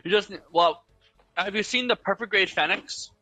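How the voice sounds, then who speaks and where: A man's voice: high voice, normal speed, pushed and bright, no echo, soft background music, low-quality recording. A young man chatting casually over voice chat while gaming, explaining things at length with lots of fillers. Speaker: gaming channel host.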